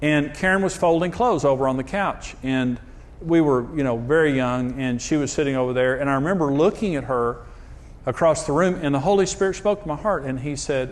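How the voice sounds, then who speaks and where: A man's voice: on the high side, fairly quick. Joking self-deprecating preacher man. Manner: self-deprecating, jokey, animated storyteller. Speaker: pastor. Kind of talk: humorous sermon storytelling.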